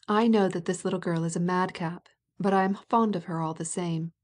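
A woman voicing a blunt, domineering fifty-year-old society matron in an audiobook, speaking gruffly and bossily. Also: lowish voice, fairly even intonation, fairly quick, a little mellow, close to an everyday voice. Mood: scolding. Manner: gruff, scolding and bossy.

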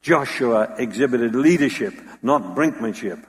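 A man's voice: medium pitch, lively intonation, measured pace. A man preaching a sermon with dramatic storytelling, acting out the voices he quotes. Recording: long hall reverb.

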